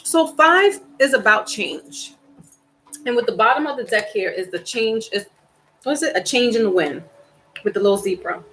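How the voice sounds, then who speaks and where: A woman's voice: fairly high pitch, lively intonation, moderate pace, a bit bright, a little hiss or hum, low-quality recording. A woman giving a casual tarot card reading, chatty and rambling as she talks straight to her viewers. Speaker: tarot reader.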